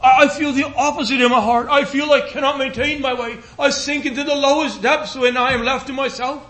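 A man preaching a sermon in an earnest, pleading cadence, repeating phrases and slowing into a hushed voice on scripture. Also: very high voice, fairly even intonation.

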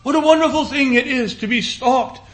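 High-voiced man preaching earnestly. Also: moderate pace, a bit bright. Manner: earnest, pleading, repetitive cadence. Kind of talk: sermon.

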